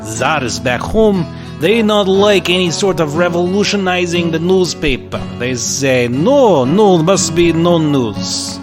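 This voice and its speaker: A man doing a boastful old Russian inventor with a thick put-on accent, speaking loud and high in broken English. He is chatty and proud of his machines, over guitar music in the background. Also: lively intonation, slow.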